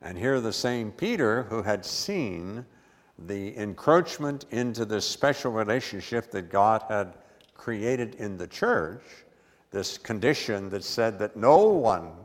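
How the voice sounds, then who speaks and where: A man's voice: medium pitch, in a large hall. A man preaching a sermon with emphatic stress and repeated words.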